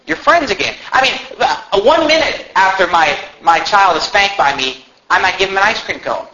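A man preaching a sermon in an animated way, now and then shouting mocking impressions. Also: high voice, normal speed, dull audio, a little hiss or hum. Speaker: pastor.

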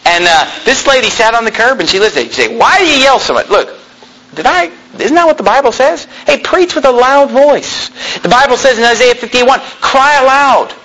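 A male pastor preaching a sermon in a loud, yelling style, in a church room with no sound system. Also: very high-pitched, animated, normal speed, a little hiss or hum, rough recording. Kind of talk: fiery sermon.

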